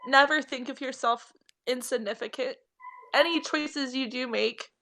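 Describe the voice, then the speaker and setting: A young woman spiritual reader talks to her viewers on a live stream, tearful and earnest. Her voice is high and emotional, and the words come slowly between her tears. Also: pushed and bright. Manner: tearful, heartfelt, affectionate. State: crying.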